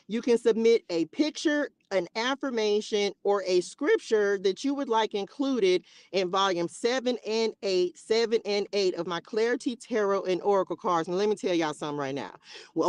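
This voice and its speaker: A woman's voice: medium pitch, darkish tone, clear, resonant tone, dry recording. A woman hosting a spiritual live stream, chatting casually and playfully with her viewers in a loose, slangy way.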